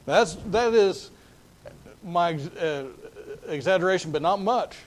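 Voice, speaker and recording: A man's voice: sits high, expressive, a little slow. A male preacher giving a sermon in a folksy, conversational storytelling manner, often restarting his phrases.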